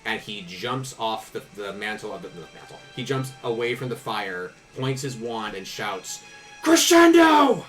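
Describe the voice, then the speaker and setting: A man's voice: on the low side, moderate pace, few pauses, fairly bright tone, faint music behind, poor audio. A man narrating a tabletop game as game master, casual and descriptive, with restarts.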